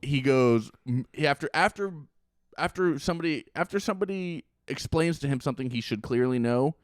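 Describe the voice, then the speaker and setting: A man's voice: medium pitch, fairly quick, no echo, clean studio sound. Sarcastic man ranting about a movie. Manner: sarcastic, animated, swears and laughs often. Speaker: podcast co-host. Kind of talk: casual chat recapping a movie.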